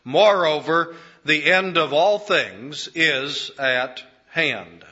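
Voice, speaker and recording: Emphatic male preacher, bright tone. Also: a little high, lo-fi sound. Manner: measured, emphatic, repeats key phrases. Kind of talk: sermon.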